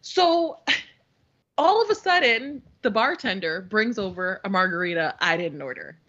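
A woman's voice: medium pitch, moderate pace, highs cut off. A woman in her thirties co-hosting a podcast, telling a story in casual chat, acting out what others said, swearing and laughing often. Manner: animated storyteller, acts out quotes, swears freely, laughs often. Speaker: podcast co-host.

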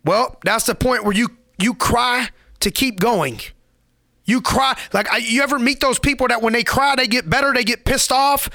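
A man's voice: extremely high pitch, moderate pace, vocal fry, sharp tone, no room sound, clean studio sound. A man giving a motivational podcast monologue, preachy and emphatic, repeating lines for effect in casual street slang.

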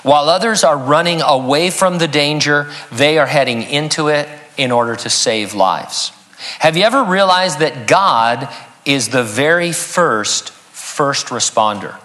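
A man's voice: on the high side, lively intonation, a little slow, bright, forceful tone. A man preaching an expository sermon as a pastor, earnest and teaching, reading scripture aloud.

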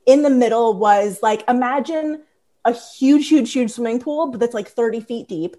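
Woman, Philadelphia accent, thirties, fairly high voice, animated casual storytelling, lots of "like". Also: moderate pace. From Philadelphia area. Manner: lively, frequent "like" fillers. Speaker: guest, squid biologist.

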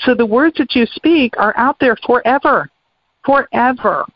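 A woman's voice: fairly high pitch, moderate pace, no room sound. A woman guest on a radio talk show, explaining her ideas in an earnest, casual way. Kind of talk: casual chat. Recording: dry, muffled radio audio.

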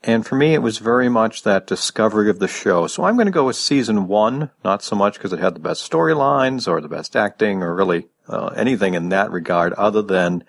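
A man podcaster sending in a reflective recorded message to the show, pausing often with "uh.". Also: on the low side, expressive, vocal fry, dry recording, clean studio sound. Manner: reflective with frequent "uh" pauses. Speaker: guest podcaster.

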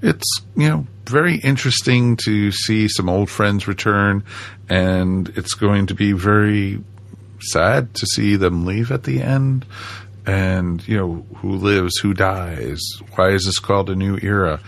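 Deep gravelly podcast host. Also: male voice, unhurried. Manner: jokey, playful sales patter. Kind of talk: casual podcast chat.

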